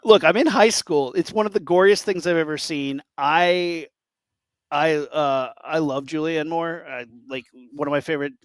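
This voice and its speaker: A man's smooth, high-side voice carries excited stories on a casual podcast he co-hosts. He speaks at normal speed, with frequent fillers and restarts, and there is no room sound.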